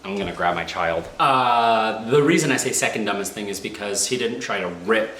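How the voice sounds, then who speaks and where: A man reviewing and reacting live to a hockey game, excitable and exasperated, rambling with restarts. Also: lowish voice, normal speed. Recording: echoey room, faint background noise.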